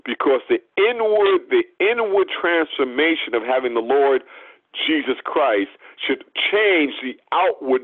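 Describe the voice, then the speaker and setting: A man's voice: medium pitch, dry recording. A man preaching a sermon, emphatic and repeating phrases for stress. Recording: tinny phone-like sound.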